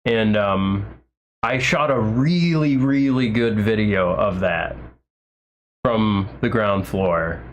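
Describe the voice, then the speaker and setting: A man's voice: fairly low pitch, slow pace, lo-fi sound, slight background noise. A man talking straight to his livestream audience in a loose, casual way. He rambles, trips over restarts and fills gaps with ums and likes. His enthusiasm keeps spilling over as he gushes. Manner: rambling, many fillers and restarts; enthusiastic, gushing. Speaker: livestream host.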